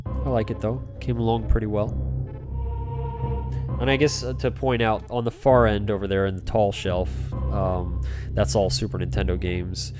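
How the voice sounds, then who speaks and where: A man's voice: lowish voice, little pitch movement, moderate pace. A man streaming a retro game, chatting casually, reading out chat messages and spinning silly made-up stories. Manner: rambling, joking, tells tall tales, reads chat aloud. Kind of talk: casual livestream chat while playing. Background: game music.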